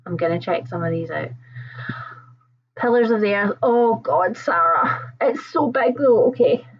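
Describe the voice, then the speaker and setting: Woman, softened Scottish accent, casual book livestream host, chatty, laughs often, middle pitch, dull lo-fi audio. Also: expressive, a little slow, slight background noise. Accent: Scottish, toned down. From Scotland. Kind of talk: casual livestream chat reading comments.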